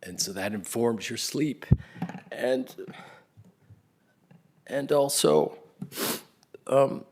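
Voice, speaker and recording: Husky man telling stories about his parents. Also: mid-range voice, extremely slow, pauses often. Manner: swings between loud laughing bursts and soft near-whispers. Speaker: eulogy speaker. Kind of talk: spoken tribute, storytelling.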